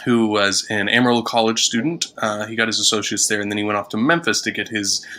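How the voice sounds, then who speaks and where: Bright-toned low-voiced director. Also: male voice, fairly even intonation, quick pace. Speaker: theatre director. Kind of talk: casual chat.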